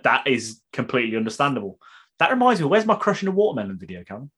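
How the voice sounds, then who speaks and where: Male co-host, teasing and giggly, animated pitch, slightly husky. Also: rapid-fire. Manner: playful, teasing, laughs often. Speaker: podcast co-host. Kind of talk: casual podcast chat.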